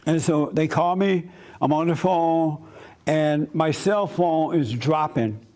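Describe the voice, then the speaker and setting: A man's voice: on the high side, slow. A man telling a story at a church gathering, acting out the voices of the people in it. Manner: animated storyteller, acts out quoted voices. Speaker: pastor and host.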